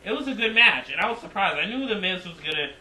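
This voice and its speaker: A man reviewing a wrestling show in casual recap style, excitable and rambling, repeating himself. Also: sits high, fast, roomy sound, a little hiss or hum, low-quality recording.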